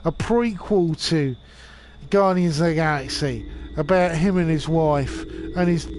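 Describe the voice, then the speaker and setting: A man's voice: on the high side, measured pace, a little mellow, a little hiss or hum. A drunk man in his forties rambling and swearing while streaming a game. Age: 40s.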